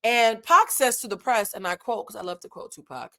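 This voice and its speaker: Animated, profane woman vlogger. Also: fairly high pitch, fairly quick, hardly any pauses. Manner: animated and profane, addresses viewers directly. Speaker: host. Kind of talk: casual commentary vlog.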